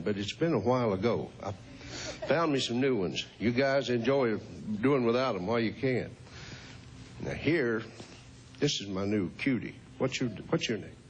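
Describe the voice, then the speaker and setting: A man's voice: mid-range voice, expressive, moderate pace, slight background noise. A man in his fifties hosting a show, chatting with children in a folksy, teasing way and chuckling often. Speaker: host. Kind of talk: casual chat with children.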